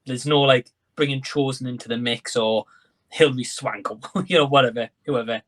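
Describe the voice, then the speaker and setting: A man's voice: mid-range voice, normal speed, a bit bright. A man who is a guest on a casual podcast chat. He talks at length, weighing his predictions. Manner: speculative, lays out predictions at length.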